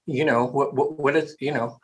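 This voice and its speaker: Guy rambling on in an interview, clears his throat a lot, medium pitch. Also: fairly even intonation, normal speed, rough recording. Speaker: hypnotherapist. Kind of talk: casual interview talk.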